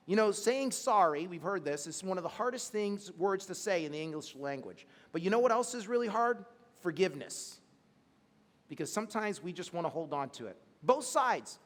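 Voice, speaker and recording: A middle-aged man preaching a sermon in a lively, conversational way, with casual asides to the congregation. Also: high voice, moderate pace, in a large hall. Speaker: pastor.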